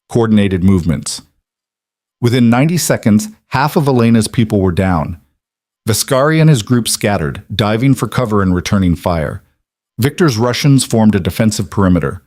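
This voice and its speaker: A man with a low voice reading a mafia story as scripted narration, measured and even. The recording is dry and close, with no room sound. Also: no room sound.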